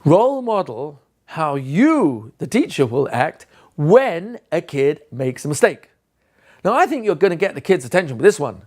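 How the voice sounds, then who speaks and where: A man's voice: a little high, moderate pace. A man giving a lecture to teachers on how to teach children, acting out short scenes of teacher and pupil as he explains. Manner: animated, acts out teacher and child voices. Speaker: teacher trainer.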